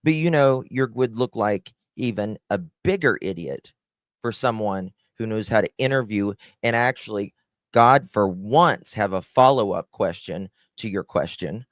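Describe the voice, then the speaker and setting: Man, low voice, casual live-stream commentary, sarcastic, swearing, talks to chat, dry recording. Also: measured pace, no echo. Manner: blunt, sarcastic, swearing, chatting to viewers. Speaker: live-stream true-crime host.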